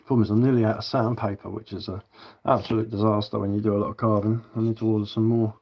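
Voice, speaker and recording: Laid-back southern English man, lowish voice. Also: quick pace. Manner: relaxed, rambling, answers viewer comments while working. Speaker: live streamer carving wood. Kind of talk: casual live-stream chat.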